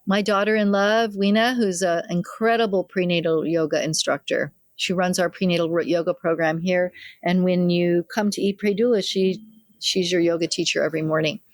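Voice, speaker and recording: Older woman telling a lively story, dry close sound. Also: lowish voice, moderate pace, no echo. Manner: lively storyteller who acts out quoted family members. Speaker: midwife, interview guest. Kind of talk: anecdotal interview storytelling.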